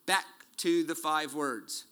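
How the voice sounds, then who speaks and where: A man in his forties preaching a sermon, animated and joking, acting out quotes as he tells stories. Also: fairly high pitch, slow. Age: 40s. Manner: animated storytelling with jokes and acted-out quotes. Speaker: pastor.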